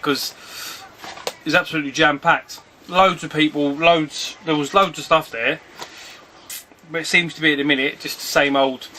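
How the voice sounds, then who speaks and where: A man's voice: on the high side, bright, forceful tone, a little hiss or hum. A man talking casually and rambling in a home video outdoors on a sunny afternoon. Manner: rambling, chatty, often breaks off to call his dog. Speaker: retro game collector vlogger. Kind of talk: casual vlog chat.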